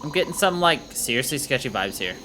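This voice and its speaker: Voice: medium pitch, expressive, a little fast, background noise, close to an everyday voice. A streamer voicing a brash young female soldier with bubbly valley-girl slang, reading game dialogue aloud.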